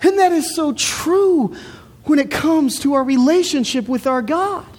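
A woman's voice: sits high, lively intonation, a little slow, a little mellow. A woman preaching a sermon in an earnest, emphatic way, repeating words as she builds her point. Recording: reverberant hall.

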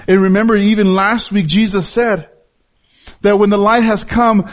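A man's voice: high-pitched, unhurried, pauses often. A man, a pastor, preaching a sermon with emphatic repetition and rhetorical questions to his listeners.

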